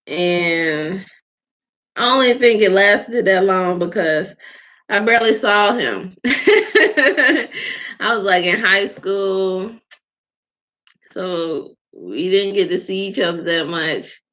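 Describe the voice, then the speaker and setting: A woman's voice: mid-range voice, slow, long pauses, fairly bright tone. A woman hosting a podcast about faith, talking candidly in a casual way, with many fillers and frequent laughs. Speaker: podcast host. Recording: dull lo-fi recording.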